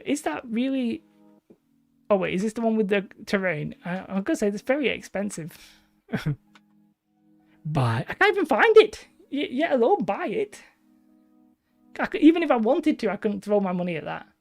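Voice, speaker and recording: A woman's voice: mid-range voice, gravelly, darkish tone. A woman hosting a live stream, chatting casually and rambling as she reads out viewers' comments. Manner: rambling, chatty, self-deprecating.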